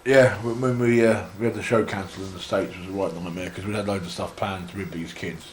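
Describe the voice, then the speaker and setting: A man's voice: sits low, fairly even intonation, fast talker. A young English man telling long, rambling anecdotes in a casual interview, with frequent restarts. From England. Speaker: interview guest, wrestler. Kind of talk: casual storytelling. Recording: echoey room.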